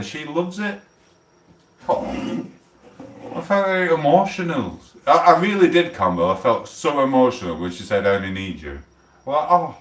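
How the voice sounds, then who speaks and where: Man, Sheffield accent, live streamer, rambling, swearing, low voice, echoey room, distant mic. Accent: Sheffield, South Yorkshire. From England. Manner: rambling, swearing, loud outbursts. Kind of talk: casual live-stream chat.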